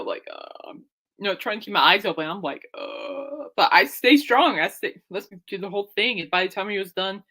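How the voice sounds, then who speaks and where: A woman's voice: lowish voice, pushed and bright. A young woman telling a rambling, laugh-filled story as host of her own show, acting out what people said. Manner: rambling, laughing often, acts out quotes. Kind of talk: casual storytelling chat.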